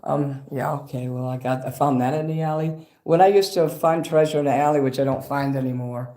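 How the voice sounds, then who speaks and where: A man hosts a casual livestream, talking at an ordinary middle pitch. He rambles from one thing to the next and swears freely. He gets excitable as he goes. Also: a little fast. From Chicago. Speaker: livestream host.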